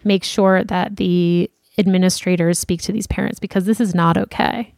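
A woman's voice: fairly low pitch, steady tone, creaky, darkish tone, dry recording, clean studio sound. A woman co-hosting a casual advice podcast, chatty and encouraging. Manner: chatty, encouraging, quick to laugh. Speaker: podcast co-host.

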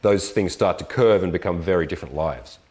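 A man casually telling an animated, profane travel story in conversation. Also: sits low, fairly quick. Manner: animated storyteller, swearing, voices others.

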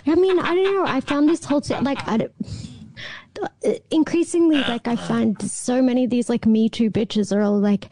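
Casting: woman with a slightly high, dark, mellow voice, crude and blunt, dry close sound. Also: lively intonation, normal speed, no room sound. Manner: blunt, profane, laughs often. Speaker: podcast guest. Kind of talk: casual crude banter. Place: call-in podcast.

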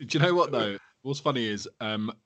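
A man's voice: mid-range voice, animated, brisk, fairly bright tone. A man, hosting a casual hip hop podcast, swearing freely and laughing through his stories. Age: 30s. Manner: laddish, sweary, laughing storyteller. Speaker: podcast host.

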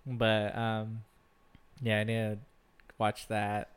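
Slow, smooth-voiced laid-back man. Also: on the low side, completely flat delivery. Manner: laid-back, laughs often, trails off with fillers. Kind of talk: casual chat.

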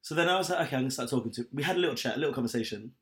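A podcast co-host tells a story at a racing clip, his voice sitting at medium pitch. The chat is casual, and he laughs often as he animatedly recounts it.

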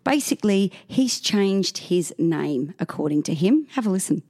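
A woman's voice: medium pitch, expressive, moderate pace, darkish tone. A woman co-hosting a podcast, chatting casually and telling funny stories with frequent laughs. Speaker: podcast co-host. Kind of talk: casual chat.

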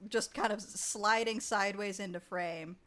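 A woman's voice: mid-range voice, fairly even intonation, a little slow, fairly bright tone. A young adult woman with a mid-range voice chats animatedly through a film recap. She laughs often, swears freely and drops trivia as she goes. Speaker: podcast co-host recapping a film. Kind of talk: casual chat.

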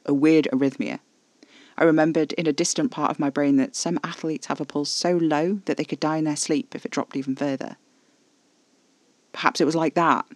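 A man reads first-person horror fiction in a low, intimate hush, keeping his delivery even and flat. His voice sits somewhat high and has a gravelly edge. The recording is close and completely dry. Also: dry recording. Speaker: narrator.

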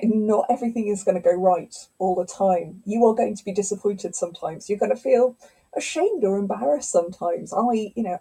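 A middle-aged woman, a scientist and author, telling stories in a lively conversational interview. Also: mid-range voice, slightly rough, rough recording. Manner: animated storyteller, acts out quotes.

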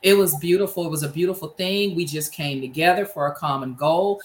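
Low-voiced enthusiastic woman host. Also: a little fast, roomy sound, slight background noise. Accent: Southern US. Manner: enthusiastic, emphatic repetition. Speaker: podcast host. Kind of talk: casual chat.

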